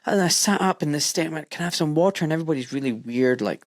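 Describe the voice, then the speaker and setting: A man's voice: on the high side, animated, racing, no echo, clean studio sound. Man in his forties telling an emotional story. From United Kingdom. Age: 40s. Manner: emotional storytelling, acts out his own quotes. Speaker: podcast host. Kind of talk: casual chat.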